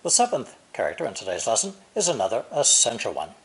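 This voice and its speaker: A man narrating a recorded language lesson, explaining slowly and deliberately, with example sentences read in Chinese. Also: mid-range voice, huge pitch swings. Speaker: language teacher.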